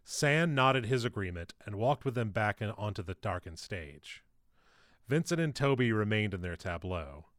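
A man narrates his own novel in a steady, measured way. His voice is low, and the recording is close and dry. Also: no room sound. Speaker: author reading his novel. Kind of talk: audiobook narration.

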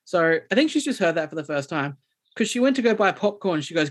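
A man, co-hosting a podcast and telling a story in a rambling, animated way with many restarts. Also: sits high, fast. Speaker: podcast co-host. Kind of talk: casual chat, storytelling.

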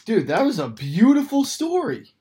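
A man's voice: very high voice, wildly swooping pitch, moderate pace, mellow. A man, the host, reacting to a story with effusive emotion. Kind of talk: casual chat.

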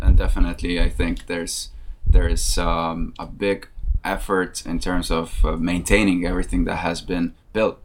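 A man interviewing a guest, speaking deliberately and hesitantly with many fillers. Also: low-pitched. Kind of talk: conversational interview.

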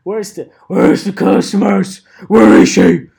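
A young man doing a loud, raised-pitch impression of a caped male vigilante demanding money, in a podcast. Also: steady tone, measured pace, vocal fry, husky, exaggerated voice. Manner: shouted, higher and louder than his own talk.

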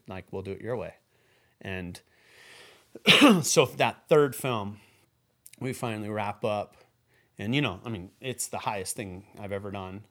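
A man recalling his work as a filmmaker in a casual, halting way, full of restarts, his voice dropping soft at emotional points. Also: fairly low pitch. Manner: halting and repetitive, many restarts and fillers; earnest, voice drops soft when moved. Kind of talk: casual spoken recollection.

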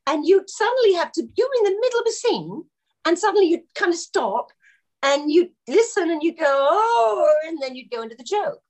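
A woman telling film-set anecdotes in a relaxed interview, often laughing as she talks. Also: extremely high pitch, normal speed. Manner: animated, laughing storyteller. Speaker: actress guest.

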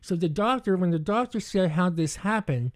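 A man's voice: high voice, normal speed. Guy telling a wild story on a podcast, keeps cracking up, restarts a lot. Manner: animated, laughs through his own story, many restarts.

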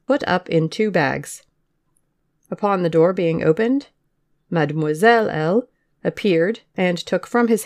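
A podcast reader giving a measured audiobook narration of witness testimony. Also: mid-range voice, creaky. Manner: measured, even-paced reading of witness testimony.

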